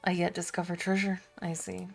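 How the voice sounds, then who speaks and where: A woman voicing a calm, kindly older male ship captain who speaks in a measured, gentle way. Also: on the low side, gravelly, faint music behind.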